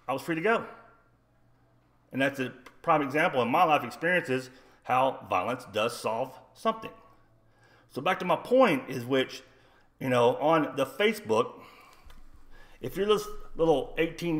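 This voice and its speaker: A retired man rants bluntly on a livestream, swearing constantly as he wanders from one point to the next. His voice sits at an ordinary middle pitch for a man, and his delivery is combative and rough-edged. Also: a bit bright. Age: older. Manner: blunt, rambling, heavy swearing. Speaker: livestream host. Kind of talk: profane storytelling rant.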